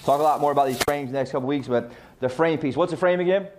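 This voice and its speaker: A man's voice: on the high side, fast, a little mellow, slight background noise. A man coaching real estate agents on client communication, emphatic and full of rhetorical questions he answers himself. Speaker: sales trainer.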